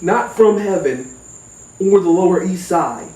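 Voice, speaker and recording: Animated, profane man telling a story. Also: sits high, a little slow, recorded from a distance. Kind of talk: comic personal storytelling. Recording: roomy echo, off-mic.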